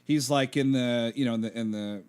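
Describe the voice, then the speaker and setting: A man's voice: mid-range voice, brisk, a little mellow, smooth. A man co-hosting a podcast in casual chat, laughing often as he retells movie scenes. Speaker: podcast co-host.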